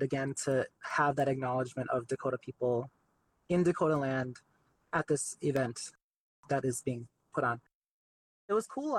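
A young man, an artist guest in an interview, talking in a chatty, relaxed way with plenty of fillers. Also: medium pitch, slight background noise, low-quality recording. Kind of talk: casual interview.

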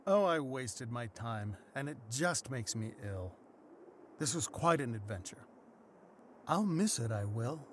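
Audio drama: a weary, earnest reformed Santa, older, expressive. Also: male voice, fairly high pitch, measured pace, few pauses, slight background noise. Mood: pleading. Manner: humble and earnest, pleading.

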